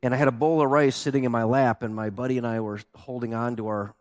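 A man preaching a sermon, telling his stories with animated, acted-out quotes. His voice sits at an ordinary pitch and sounds dry and close, with no room around it. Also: fast talker, no echo. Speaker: pastor.

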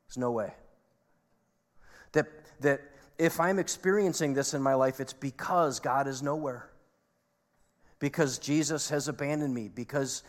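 A man preaching a sermon to a congregation, earnest, with emphatic peaks and quiet asides. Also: mid-range voice. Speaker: pastor. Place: church sanctuary. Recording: long reverb of a large hall.

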